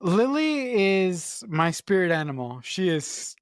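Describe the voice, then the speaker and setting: A podcast co-host in casual film-review chat, gushing and emphatic, with quick repeated restarts. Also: mid-range voice, very animated, clean tone, dry recording, clean studio sound.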